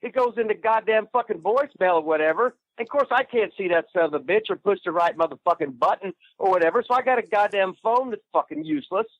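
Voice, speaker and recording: Guest spot: a high-voiced man who swears nonstop and rambles, phoned in on a dull line. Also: animated, fast talker, few pauses, dry recording. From Indiana. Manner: rambling, swears constantly, crude. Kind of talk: profane casual chat.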